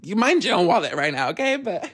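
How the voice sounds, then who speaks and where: A podcast host telling a story in a casual solo chat, animated, laughing often and swearing freely. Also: mid-range voice, quick pace, breathy edge.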